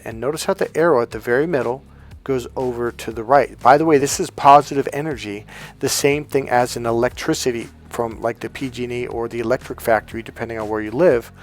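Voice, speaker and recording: A man delivering a coaching monologue on dating, blunt and emphatic, swearing freely as he drives his points home. His pitch sits in an ordinary middle range. Soft music plays faintly behind him. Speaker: love coach.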